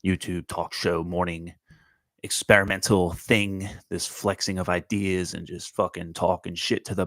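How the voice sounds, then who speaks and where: A low-voiced man rambles through his own morning show, blunt and full of swearing. He talks straight to his viewers while out walking. The sound is dry and close. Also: a bit bright, dry recording, poor audio. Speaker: host of a morning talk show. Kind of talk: casual rambling chat on a morning walk. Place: outdoors, walking.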